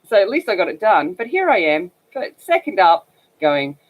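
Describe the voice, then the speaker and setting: A woman from northern Australia hosts a coloring livestream, chatting casually and rambling with plenty of fillers. She has an Australian accent and a scratchy, mid-range voice with big pitch swings at a moderate pace.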